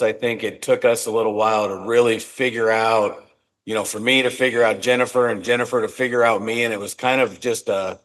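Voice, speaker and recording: A man's voice: medium pitch, fairly bright tone. A man being interviewed on a podcast as a company executive, speaking in an earnest, reflective way and often restarting his words. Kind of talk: casual interview talk.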